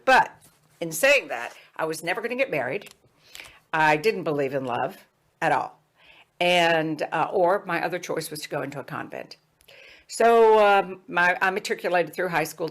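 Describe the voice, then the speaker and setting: A woman telling a candid personal story in a chatty, animated way, full of fillers and restarts, frank and self-deprecating about herself. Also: low voice. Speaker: speaker sharing a personal story.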